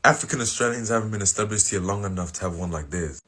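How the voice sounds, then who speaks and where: Man, lowish husky voice, rambling casual talk. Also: fast, a bit bright. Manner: rambling, thinking aloud.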